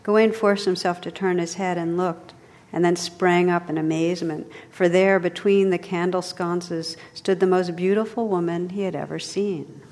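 A woman narrating a storybook tale aloud in a measured, expressive way. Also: fairly low pitch, in a large hall.

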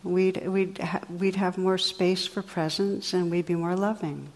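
A woman meditation teacher giving a dharma talk to a class, gentle and reflective, guiding listeners in quiet reflection. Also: fairly low pitch, flat delivery, measured pace, big-room sound.

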